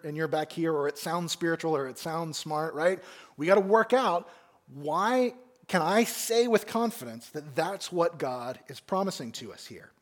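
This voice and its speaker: A man preaching a sermon with a lively, rising and falling delivery, his voice sitting a little higher than most men's. He presses his congregation with question after question. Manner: animated, asks the congregation many questions. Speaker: pastor. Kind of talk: expository sermon. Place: church sanctuary.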